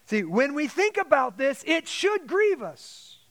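Pastor, male, very high voice, preaching with dramatic emphasis. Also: sing-song, unhurried, gravelly, fairly bright tone. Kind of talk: sermon.

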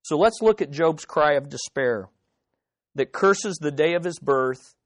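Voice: medium pitch, lively intonation, measured pace. A Bible teacher giving an emphatic study lesson to a live group, often putting questions straight to the listeners and repeating words to press a point.

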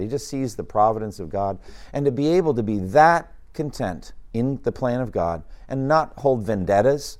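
A man delivering a Bible lesson in a relaxed, conversational way. He muses aloud and drifts into side remarks. He often restarts his sentences, and his voice sits at an ordinary middle pitch. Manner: informal, musing asides with restarts. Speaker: Bible teacher. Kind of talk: conversational sermon teaching.

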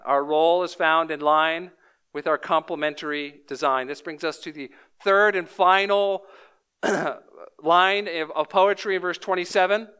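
Male pastor, thirties, bright tone, measured emphatic sermon delivery. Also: sits high, clear, resonant tone. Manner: measured, emphatic preaching with repeated key lines.

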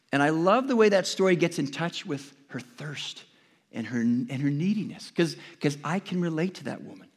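A man's voice: on the high side, sing-song, normal speed, gravelly, husky. A man preaching a sermon to a congregation, talking in an earnest, conversational way with frequent restarts. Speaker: pastor. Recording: long hall reverb.

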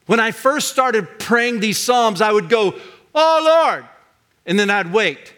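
An older man preaching a sermon as pastor, talking in an emphatic way and rising to loud cries on key words. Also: sits high, unhurried.

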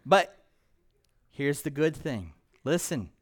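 High-voiced joking pastor preaching. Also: male voice, very animated, slow. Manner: joking, playful asides mixed with preaching; shifts between hushed and loud emphatic delivery. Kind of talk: sermon.

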